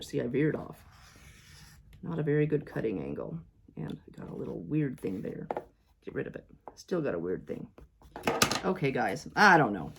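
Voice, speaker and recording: Low-voiced woman chatting while quilting. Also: gravelly, a little hiss or hum. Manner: chatty, self-doubting, talks to viewers as "you guys". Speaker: quilting vlogger. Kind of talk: casual talk-along while sewing.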